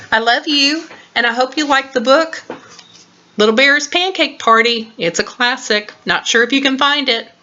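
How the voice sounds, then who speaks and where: An older woman at home reading a children's storybook aloud to her grandchild, warm and expressive, recorded on a webcam. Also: on the high side, highs cut off.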